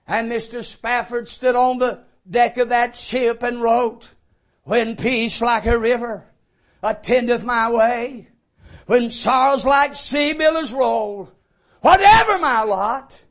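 A man preaching a sermon with fervent delivery, breaking into shouts of praise. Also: very high-pitched.

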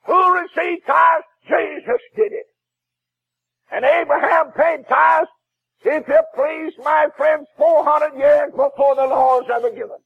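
A man preaching a fiery sermon as a Baptist preacher, shouting with a crying preaching cadence. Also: very high-pitched, gravelly, narrow, tinny audio.

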